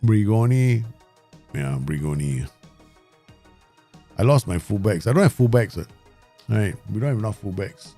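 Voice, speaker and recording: A man hosting his gaming channel, giving live commentary and talking to himself and the viewers in an excitable way. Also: lowish voice, normal speed, long pauses, faint music behind. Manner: excitable, talks to himself and the viewers, frequent laughs.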